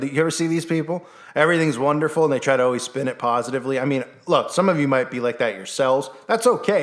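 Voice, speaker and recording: A man hosts his own vlog, delivering a loose, animated rant straight to his viewers. He turns sarcastic and mocking often. His voice sits at an ordinary middle pitch. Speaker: vlog host. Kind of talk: casual ranting monologue.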